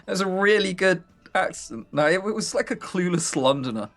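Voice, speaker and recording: A man's voice: high-pitched, animated, fairly quick, fairly bright tone, soft background music. A young man from Sussex with a southern English accent, hosting a game stream in casual, joking chat and laughing often. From Sussex, England. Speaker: let's play host.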